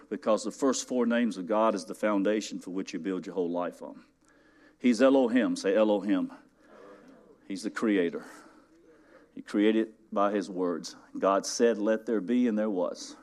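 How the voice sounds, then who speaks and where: A man's voice: lowish voice, a little mellow. A man preaching a sermon in a church, talking conversationally and rising to emphatic call-outs to his congregation.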